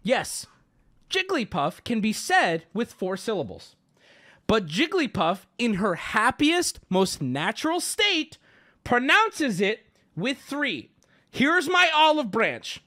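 Man on a livestream, high-pitched, sharp bright voice, exasperated profane rant. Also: very animated, slow. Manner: exasperated, profane, argumentative ranting. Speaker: streamer.

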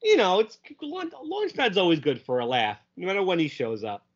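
A man co-hosting a casual podcast, lively and laughing often, quoting characters in goofy voices. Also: high-pitched, normal speed. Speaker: podcast co-host. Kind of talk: casual chat. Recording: dull lo-fi audio.

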